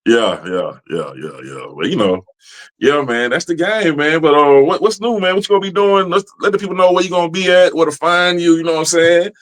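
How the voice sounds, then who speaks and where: A man's voice: on the high side, lively intonation, fairly quick. A man, a podcast host chatting in an easygoing way that is full of "man" and "yeah". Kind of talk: casual interview chat.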